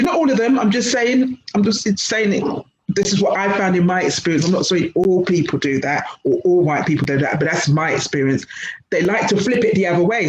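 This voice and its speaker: A woman's voice: fairly low pitch, reverberant, a little hiss or hum, low-quality recording. A woman presenting a workplace training session over a video call, speaking directly and telling a personal story at a shifting pace. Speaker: workshop speaker.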